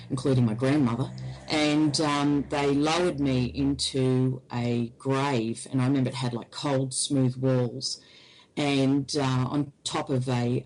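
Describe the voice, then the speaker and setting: Halting woman telling her story. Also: very deep voice, gravelly, darkish tone, low-quality recording. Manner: halting, hesitant speech. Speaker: interview guest. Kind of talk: recounting personal experience.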